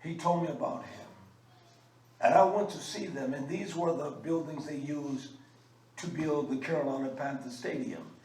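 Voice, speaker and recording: A man's voice: fairly high pitch, normal speed, darkish tone. A man giving a fiery religious sermon, emphatic and scolding, with frequent uh fillers. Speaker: religious teacher. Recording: echoey room, mic at a distance, faint background noise.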